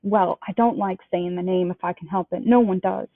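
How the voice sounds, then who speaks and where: A woman reading a storybook aloud and voicing a big, gruff, kindly male giant who blusters in a rustic dialect. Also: on the low side, steady tone, moderate pace, no room sound. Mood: worried. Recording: dry, tinny phone-like sound.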